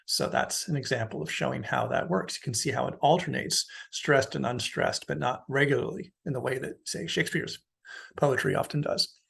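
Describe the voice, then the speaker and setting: Male university lecturer, gravelly and a bit husky, relaxed explanatory delivery. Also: medium pitch, moderate pace. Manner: explanatory, casual with fillers. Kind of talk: recorded lecture.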